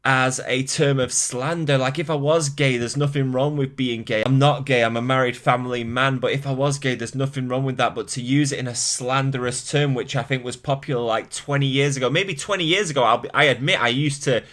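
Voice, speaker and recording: A man's voice: medium pitch, fairly even intonation, fairly quick, few pauses, a bit bright. A man with a mild Mancunian accent, a fitness YouTuber ranting candidly to camera, exasperated and swearing casually, laughing at himself. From Manchester, England.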